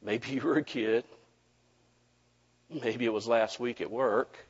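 A man preaching a sermon, telling a personal story in a folksy, animated way to his congregation. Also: medium pitch, takes it slowly, husky. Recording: dull audio with long hall reverb.

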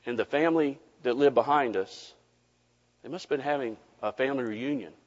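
A man preaching a sermon, telling a personal story in a folksy, animated way to his congregation. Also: medium pitch. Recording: dull audio with long hall reverb.

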